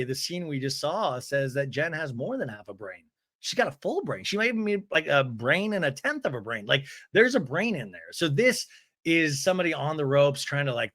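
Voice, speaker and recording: A man hosting a podcast, recapping a reality TV episode with animated, sarcastic, gossipy commentary. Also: a little high. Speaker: podcast host.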